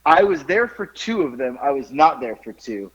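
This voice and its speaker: A man's voice: sing-song, normal speed, fairly bright tone, lo-fi sound. A man co-hosting a podcast over a call, telling a funny story in casual chat and laughing through it. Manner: laughs through his own story, voice jumping high. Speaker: podcast co-host. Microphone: remote call.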